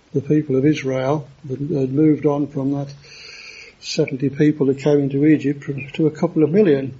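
A man preaching a sermon in a halting way, with many fillers and restarts. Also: fairly high pitch, warm tone, husky, highs cut off.

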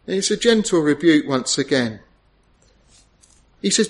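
A middle-aged man preaching to his congregation in an earnest, tender way. His voice sits a little high and swells into emphatic, urgent peaks. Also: animated, measured pace, long pauses. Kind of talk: sermon.

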